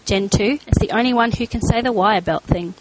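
A woman's voice: mid-range voice, brisk, background noise. Woman plainly reading the credits. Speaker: credits announcer.

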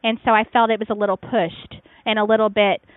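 A woman co-hosting a podcast that reviews fan fiction chats casually and rambles, full of fillers and restarts. Her mid-range voice is level and fairly quick, coming through a dry, tinny, phone-like line with no room sound.

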